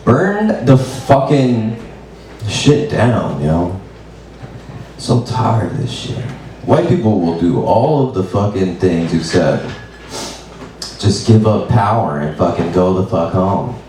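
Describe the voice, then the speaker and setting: A man doing open mic stand-up, laid-back and deadpan with lots of swearing. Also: sits low, slow, recorded from a distance. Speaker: stand-up comedian. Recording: very echoey room, mic from afar, faint noise.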